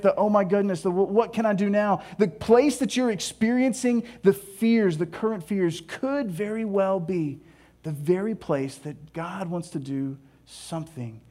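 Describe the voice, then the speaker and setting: A man's voice: high-pitched, mellow. A man preaching a sermon, storytelling with playful mock dialogue and asides. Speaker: pastor.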